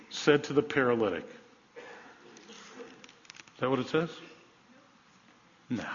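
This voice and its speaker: A male pastor preaching a sermon, telling a story with animated emphasis and dropping to quiet, soft moments. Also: mid-range voice. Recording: dull sound in a large reverberant hall.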